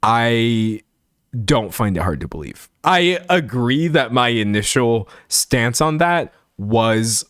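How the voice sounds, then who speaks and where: A man's voice: medium pitch, no room sound, studio quality. A man talking through a story in casual commentary, chatty and self-correcting as he reads comments aloud. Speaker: commentary streamer. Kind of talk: casual live-stream commentary.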